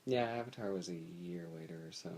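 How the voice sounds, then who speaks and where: Deep-voiced, hesitant young man. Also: brisk, darkish tone, a little hiss or hum. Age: young adult. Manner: laid-back, hesitant, searching for words. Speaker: podcast co-host. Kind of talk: casual chat.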